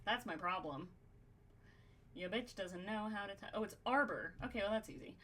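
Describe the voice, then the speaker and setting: A woman's voice: medium pitch, moderate pace, fairly bright tone, slight background noise. A woman hosting a podcast, brainstorming in casual chat, swearing freely and thinking aloud with lots of fillers. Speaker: podcast host.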